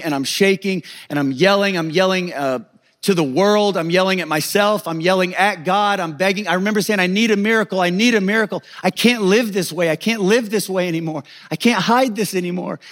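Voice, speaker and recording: A middle-aged man preaching with a slightly high voice. He talks in an earnest, confessional way and often stammers and restarts his sentences as he tells his own story. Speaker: pastor. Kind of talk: sermon with personal testimony.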